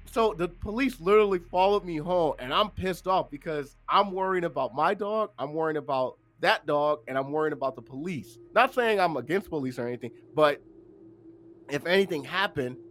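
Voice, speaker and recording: A man co-hosting a podcast, telling a story in casual chat and loudly acting out his own quotes. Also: a little high, a little hiss or hum. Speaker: podcast co-host.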